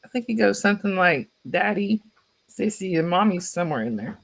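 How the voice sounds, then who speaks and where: A woman's voice: medium pitch, animated, brisk, gravelly. A woman from North Georgia with a Southern drawl, chatting casually on a livestream from home and introducing her pets. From North Georgia, USA. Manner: chatty, laughs often, talks to her pets and child. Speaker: livestream host. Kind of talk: casual chat. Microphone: phone.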